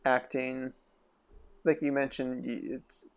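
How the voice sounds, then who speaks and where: A man hosts a relaxed podcast interview in a mid-range voice with a gravelly edge. He strings his questions together in long, multi-part runs. His tone stays conversational and easygoing. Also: medium pitch, takes it slowly. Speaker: podcast host.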